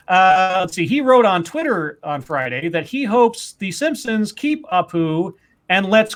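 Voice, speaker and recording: A man's voice: high voice, very animated, unhurried. A man co-hosting a podcast, reading out news stories and quotes with frequent fillers and casual commentary.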